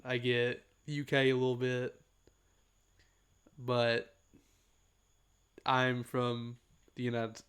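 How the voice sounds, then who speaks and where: A man's voice: medium pitch, fairly bright tone, clean tone. A man from the Southern United States chatting casually on a gaming livestream, rambling, answering chat and laughing often.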